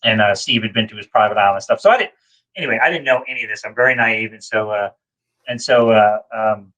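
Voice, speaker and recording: A man's voice: on the low side, quick pace, sharp tone, poor audio. A man telling a rambling, self-deprecating story in a casual chat, over a video call. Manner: rambling, many fillers and restarts, self-deprecating. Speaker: guest.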